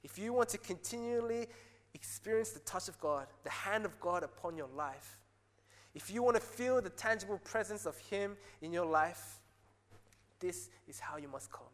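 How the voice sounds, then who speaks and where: A man preaching a sermon as pastor, earnest, rising to excited peaks and dropping soft again. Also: high-pitched, moderate pace. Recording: long hall reverb.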